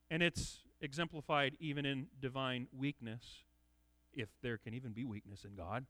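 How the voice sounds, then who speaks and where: A man's voice: mid-range voice, fairly even intonation, normal speed, a bit bright, no room sound. A man giving an expository sermon in an earnest, emphatic way, often repeating words as he restarts. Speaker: preacher.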